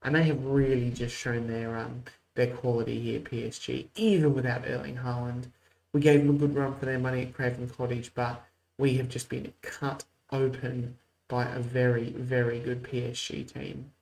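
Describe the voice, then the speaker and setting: A man's voice: mid-range voice, flat delivery, moderate pace, gravelly, darkish tone, low-quality recording. Man giving casual game commentary. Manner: mock play-by-play, muttered asides. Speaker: host.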